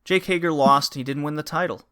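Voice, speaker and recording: A man hosts a casual podcast and recaps wrestling shows with lively energy. His voice sits fairly high and sounds bright and forward, and he jumps into put-on voices to act out the wrestlers' lines. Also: brisk, smooth. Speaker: podcast host.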